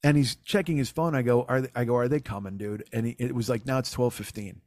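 A man's voice: mid-range voice, fairly even intonation, fast, a little mellow, no echo, studio quality. A man hosting a podcast, telling a comic story in a profane, exasperated, self-mocking way. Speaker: podcast host.

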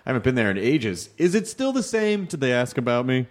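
A man hosting a podcast, trading wry, deadpan jokes in casual comedic chat. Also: mid-range voice, brisk. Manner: wry, deadpan jokey banter. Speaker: podcast host.

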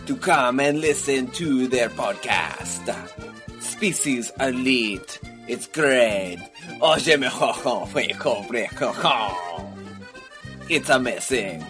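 A man's voice: medium pitch, expressive, slow pace, music in the background. A man on a podcast putting on a hammy Frenchman with an exaggerated mock French accent, chuckling between lines. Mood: playful. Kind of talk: comic bit on a podcast.

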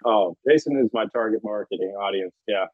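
Male athlete guest, thirties, relaxed storyteller, husky voice over a tinny phone line. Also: lowish voice, fairly quick, no echo. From South Florida. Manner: laid-back, storytelling, laughs often. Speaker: guest, NFL punter. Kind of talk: casual interview chat.

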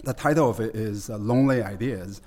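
A man as guest expert, explaining at length in a conversational interview, halting with many fillers and restarts. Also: lowish voice, a little mellow.

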